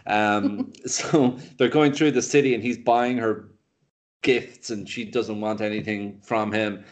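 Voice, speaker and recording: Low-voiced man rambling through a film recap. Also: unhurried. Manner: rambling, animated retelling with many fillers and restarts. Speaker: podcast co-host reviewing films. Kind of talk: casual chat.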